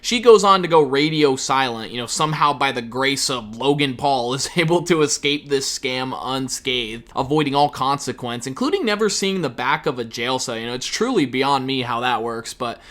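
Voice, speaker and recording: A man's voice: medium pitch, moderate pace, few pauses. A man giving sarcastic, profane reaction commentary on an online clip. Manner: sarcastic, profane, animated asides. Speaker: commentary YouTuber.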